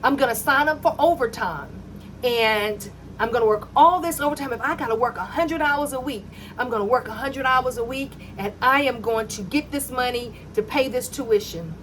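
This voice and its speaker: High-voiced woman telling her testimony. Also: normal speed, a little hiss or hum. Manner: animated, acts out dialogue in her story. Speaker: mother telling a personal faith story. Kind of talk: personal testimony storytelling.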